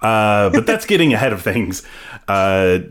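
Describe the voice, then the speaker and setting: A man with a notably deep, low-pitched voice talks through an episode in a relaxed podcast chat. He rambles along with plenty of fillers and throws in playful asides as he recaps. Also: measured pace. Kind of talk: casual chat.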